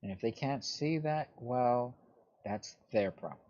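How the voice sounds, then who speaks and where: Male let's-play host, earnest and fatherly, mid-pitched, dull lo-fi recording. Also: lively intonation, measured pace, darkish tone. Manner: earnest, fatherly advice-giving. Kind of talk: reading game dialogue aloud.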